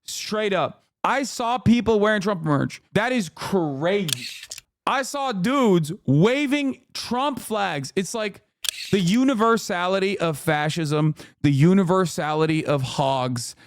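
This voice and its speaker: A man reacting to news clips on a live stream. He talks bluntly and emphatically, swears a lot, and his voice sits fairly high. The sound is crisp and dry, with no room echo. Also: animated, slow pace.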